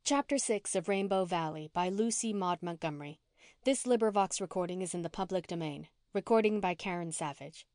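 A woman's voice: on the low side, fairly quick, a little mellow, no echo. Dry, close woman audiobook narrator. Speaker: audiobook reader. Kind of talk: audiobook narration of a classic novel.

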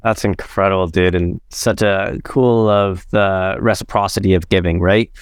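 A man hosting a podcast, responding in a relaxed, affirming way. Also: low-pitched, moderate pace, clear, resonant tone, no echo, studio quality. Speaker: podcast host. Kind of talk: casual interview chat.

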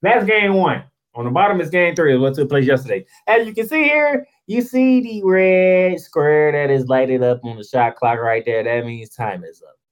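A man's voice: on the high side, expressive, normal speed, low-quality recording. A man hosting a sports show, delivering a heated, sarcastic basketball rant full of rhetorical questions in informal, slangy speech.

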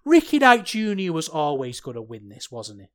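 A man hosting a solo podcast, talking in an animated, ranting way that swings from worked-up to sheepish. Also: on the high side, moderate pace. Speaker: podcast host.

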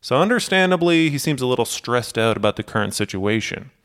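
A man narrating a true aviation disaster story in a steady, measured scripted style. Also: mid-range voice. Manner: steady, measured storytelling that acts out cockpit quotes.

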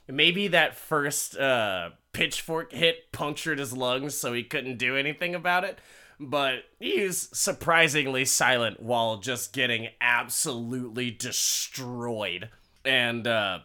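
Man, casual comedic recap, laughs a lot, swears, slow, bright forceful voice. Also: mid-range voice. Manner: laughs often, swears freely, rambling asides.

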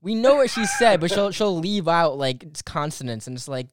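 A man's voice: fairly high pitch, big pitch swings, moderate pace, dry recording, studio quality. A young American man with a slight New Jersey accent, hosting a podcast and chatting casually over a video call, rambling with lots of fillers. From United States. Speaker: podcast host.

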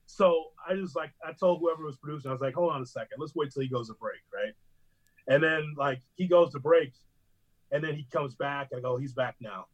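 A man who hosts sports radio, telling stories in a casual chat with another host, animated and quick to mimic other broadcasters. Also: a little high, husky, low-quality recording.

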